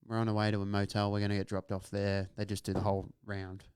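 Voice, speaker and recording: A man hosting a podcast, telling a story in a casual, animated way and swearing freely. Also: on the low side, fast, clear, resonant tone, dry recording, clean studio sound. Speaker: podcast host.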